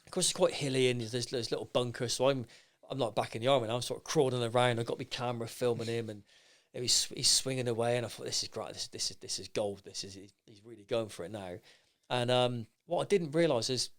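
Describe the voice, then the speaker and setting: A middle-aged man, a podcast guest, telling stories in a lively, rambling way with many restarts. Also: mid-range voice, quick pace, few pauses. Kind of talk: anecdotal storytelling in casual chat.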